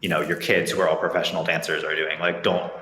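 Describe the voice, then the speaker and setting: Really deep-voiced guy, measured and explaining stuff, roomy echo. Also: little pitch movement, sharp tone. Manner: measured, explanatory, many "like" fillers. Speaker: podcast co-host. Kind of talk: casual chat.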